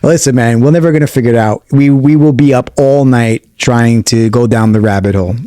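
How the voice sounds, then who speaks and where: A man co-hosting a podcast, chatting in a relaxed, casual way. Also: medium pitch, brisk, no echo, clean studio sound. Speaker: podcast co-host.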